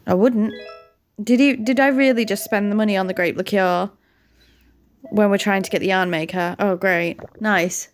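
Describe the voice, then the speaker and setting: A woman's voice: mid-range voice, steady tone, normal speed. A British woman hosting a gaming channel, chatting casually over her gameplay and often laughing at herself. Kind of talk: casual let's-play commentary.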